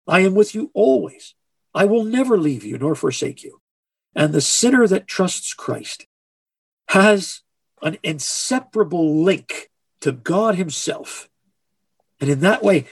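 A man preaching a sermon in an earnest, emphatic way, slowing down to stress key phrases. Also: on the high side, creaky, slightly rough, no room sound.

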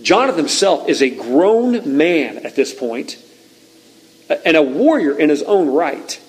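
A man's voice: fairly high pitch, sing-song, measured pace, husky, poor audio. A male pastor preaching a conversational, emphatic sermon with frequent asides to the congregation.

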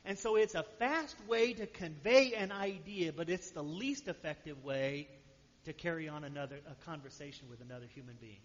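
A man's voice: fairly high pitch, normal speed. A man preaching a sermon to his church congregation, talking to them conversationally and often asking "right?". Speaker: pastor. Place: church sanctuary. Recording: dull sound with long hall reverb.

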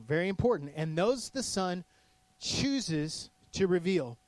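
Guy pastor preaching, kinda high voice, chatty with lots of "like", super dry sound. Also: unhurried, dry recording. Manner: animated preaching, acting out quoted voices; casual with many "like" fillers. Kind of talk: sermon.

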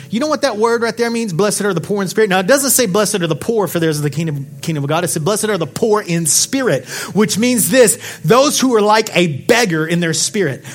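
In a church sanctuary, a high-voiced male pastor preaches passionately to his congregation. He asks question after question, dropping to a hush before building up to shouts.

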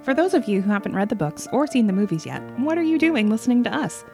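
A woman's voice: a little high, very animated, fast, vocal fry, over music. Bubbly woman co-hosting a fan podcast. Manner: bubbly, interjecting, playful. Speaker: podcast co-host. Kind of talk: casual fan podcast chat.

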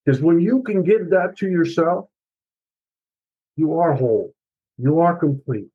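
A middle-aged man, an author appearing as a podcast guest, tells his personal story with emotional, earnest confession and some swearing. His voice sits a little high with a breathy edge, and he speaks unhurriedly. The audio is narrow and tinny.

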